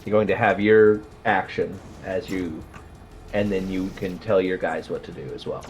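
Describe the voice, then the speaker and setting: A man running a tabletop game as game master, speaking haltingly and counting rolls aloud. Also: deep voice, fairly even intonation, slight background noise. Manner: halting, counts dice out loud. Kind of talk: casual tabletop game chat.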